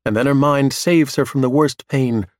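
A man narrating a science fiction audiobook in a steady, measured manner. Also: medium pitch, dry recording, studio quality. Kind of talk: scripted narration.

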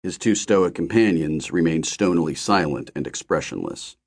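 A man narrating a novel in the first person with expressive storytelling. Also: low voice, moderate pace. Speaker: audiobook narrator.

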